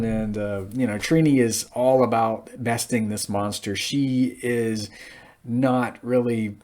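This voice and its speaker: A man's voice: mid-range voice, steady tone, slow, a little mellow. A man in his thirties giving a casual, rambling recap of a TV episode, with frequent fillers. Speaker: TV episode reviewer.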